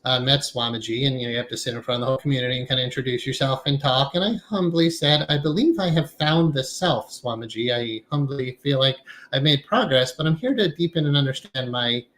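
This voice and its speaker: A man giving a conversational lecture on meditation to a class, talking in a relaxed, reflective way with some fillers. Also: medium pitch, fast, rough recording. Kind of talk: casual lecture.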